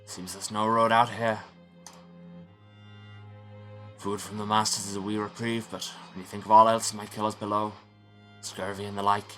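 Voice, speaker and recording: Guy doing a rueful scottish doc, accent keeps slipping irish, lowish bright voice. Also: flat delivery, brisk, faint music behind, lightly acted. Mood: gloomy. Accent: put-on Scottish drifting toward Irish. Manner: dry, rueful storytelling. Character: young Scottish male doctor, wry and gloomy.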